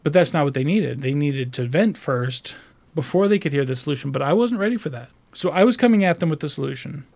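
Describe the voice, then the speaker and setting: Guy a bit high-voiced, rambling and swearing a lot, restarts sentences, animated retelling of a work call. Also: quick pace, gravelly. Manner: rambling, profane, frequent restarts; animated, mimics other voices while retelling. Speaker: call center customer service agent. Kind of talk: casual storytelling monologue.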